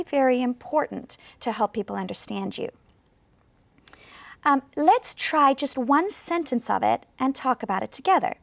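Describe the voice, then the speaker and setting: A woman teaching English pronunciation in a video lesson, speaking slowly and clearly with deliberate pauses to demonstrate. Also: sits high, no room sound.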